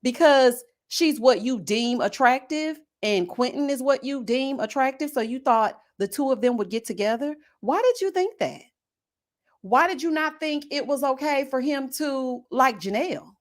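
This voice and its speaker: A woman's voice: high voice, moderate pace, few pauses. A young woman hosting a casual live recap of a reality show, talking with sass, slang and plenty of shade. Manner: sassy, animated, throws shade with slang asides. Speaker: host of a reality-show review channel.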